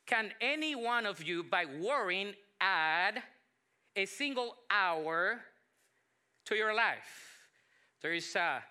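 A man in his forties from Colombia with a Colombian Spanish accent mixed with South Texas English, preaching a sermon as a pastor with emphatic phrasing and quieter asides. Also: high voice. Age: 40s. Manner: emphatic preaching with pauses, drops to soft asides.

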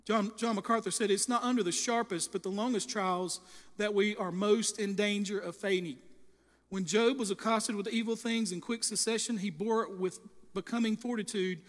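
A man's voice: high voice, fairly even intonation, moderate pace, long reverb tail. A man preaching a sermon with passion, often restarting his phrases as he goes. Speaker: pastor.

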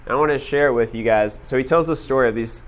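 A man telling a story to an audience in a casual, animated way, full of "like" fillers. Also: mid-range voice, quick pace. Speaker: speaker addressing an audience. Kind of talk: storytelling talk to a live audience.

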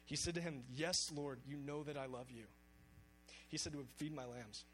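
A man's voice: mid-range voice, normal speed, a bit bright, a little hiss or hum, rough recording. A man preaching a sermon, speaking earnestly and reading scripture aloud with emphasis.

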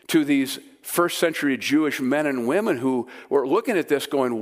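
A man's voice: medium pitch, animated, measured pace. A man preaching a sermon to a live audience in a room, conversational and emphatic. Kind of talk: sermon teaching.

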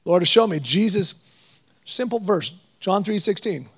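A middle-aged man preaching a guest sermon, animated and storytelling with jokes. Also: sits high, moderate pace.

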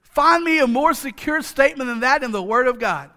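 This male preacher has an extremely high, sharp voice, speaking fairly quickly and with animation. He delivers his sermon conversationally and playfully, repeating key phrases and throwing out plenty of rhetorical questions and asides to the congregation.

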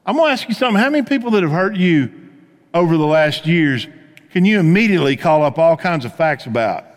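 A man preaching a sermon as pastor, telling stories in a conversational way and dropping to a hush on key points. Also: a little high, fast, big-room sound. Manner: conversational storytelling preacher, swings from animated to hushed.

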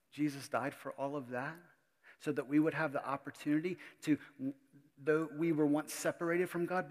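Man preaching in a reverberant hall. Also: fairly high pitch. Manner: conversational, emphatic preaching with repetitions. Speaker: pastor. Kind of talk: sermon.

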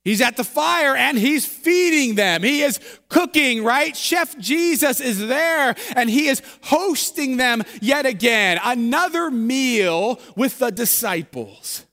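A man pastor delivers a sermon like a humorous story told to friends. His voice sits very high and sounds bright and forceful. The long reverb of a large church sanctuary trails behind each phrase. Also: animated, slow, few pauses.

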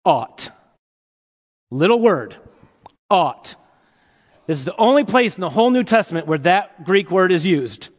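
A man preaching a sermon to his congregation in an animated, playful way, asking them rhetorical questions. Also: high voice, a little slow, pauses often. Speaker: pastor. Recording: long hall reverb.

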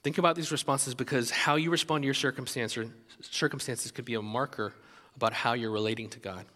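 A man preaching a sermon as pastor, animated and conversational, with many restarts. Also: mid-range voice, brisk, long reverb tail.

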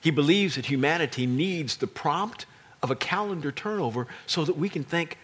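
A man preaching a sermon as pastor, animated and emphatic, with playful asides to his congregation. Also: on the high side, moderate pace, husky.

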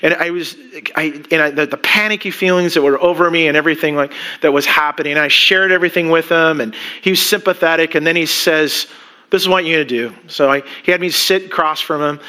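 Animated high-voiced male pastor preaching. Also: fast talker, clear, resonant tone. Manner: animated, rambling with many restarts and asides. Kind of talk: sermon.

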